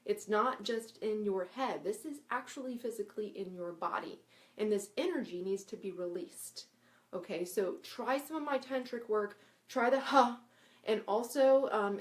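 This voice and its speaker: Chatty woman teaching breathing exercises. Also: mid-range voice. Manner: chatty, often checks in with 'right?' and 'okay?'; demonstrates breathy 'ha' sounds and chants. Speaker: spiritual teacher. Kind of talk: casual live instructional talk.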